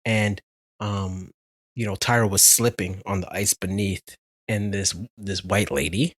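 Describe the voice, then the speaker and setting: A man co-hosting a podcast, telling a story in animated casual chat, laughing often and restarting his sentences. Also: low-pitched, unhurried, dry recording. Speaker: podcast co-host.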